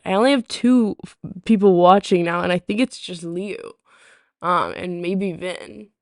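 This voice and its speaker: A woman's voice: lowish voice, vocal fry, no echo, clean studio sound. A woman streamer chatting casually on a live stream, rambling with lots of ums, her throat sore and a little rusty. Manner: rambling, full of ums and restarts. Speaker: live streamer reading chat.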